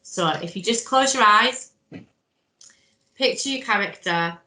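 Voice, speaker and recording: A woman's voice: medium pitch, unhurried, bright, forceful tone. A woman leading a drama workshop, giving step-by-step encouraging instructions. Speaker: workshop leader. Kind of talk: guiding a drama exercise. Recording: echoey room.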